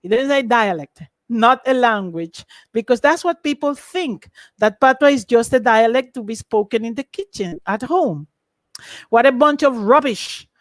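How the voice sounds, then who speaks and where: A woman lecturing in an online academic webinar, lively and emphatic, over a video call. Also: on the high side, moderate pace, no echo.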